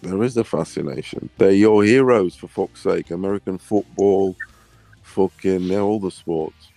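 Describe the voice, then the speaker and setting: A man with a very low, gravelly voice talks loosely on a casual panel. His tone is dark and mellow, and the sound is dry and close with faint music underneath. He rambles through restarts. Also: moderate pace, no room sound. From not English, lives in England. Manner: rambling, restarts, asks "do you get me?". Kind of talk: casual podcast chat.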